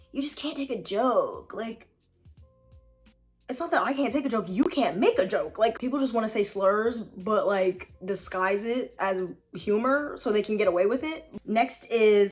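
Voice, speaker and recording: A young woman vlogging, ranting casually to camera with lots of fillers, sassy asides and frequent laughs. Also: mid-range voice. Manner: chatty, filler-heavy, sassy, laughs often. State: tired late-night voice-over. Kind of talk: casual opinion rant to camera.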